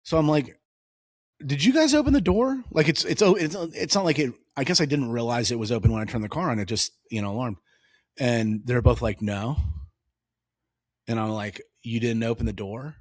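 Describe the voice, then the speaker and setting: Animated dad telling stories, dry close mic. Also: male voice, medium pitch, a little fast, no room sound. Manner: animated storytelling, acts out dialogue. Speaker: podcast co-host. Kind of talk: casual political chat.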